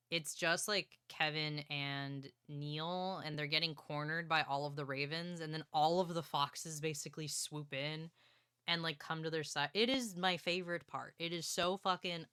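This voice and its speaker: A young woman streamer casually recapping a novel, excited and swearing, acting out characters' lines. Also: low-pitched, clear, resonant tone, dry recording, studio quality. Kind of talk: casual book recap chat.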